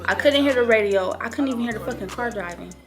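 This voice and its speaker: A woman's voice: on the high side, quick pace, music in the background. A woman in her early twenties telling a story to camera in a casual vlog, slangy and profane. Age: early 20s. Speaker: vlogger.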